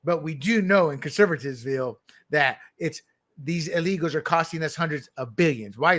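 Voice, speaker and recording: A man hosting an opinionated political commentary show, talking in an emphatic, combative way. His voice sits high for a man and has a bright, forceful edge. He sounds scornful as he argues his points.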